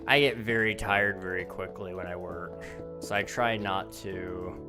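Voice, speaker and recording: A young male streamer with a very low voice that has gone slightly hoarse. He chats loosely as he plays, thinking out loud with plenty of ums and short laughs. Clear music plays behind him. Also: steady tone. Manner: chatty, thinks aloud with frequent ums and quick laughs. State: slightly hoarse, losing his voice. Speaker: gaming livestreamer. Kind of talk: casual live-stream chat while playing. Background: background music.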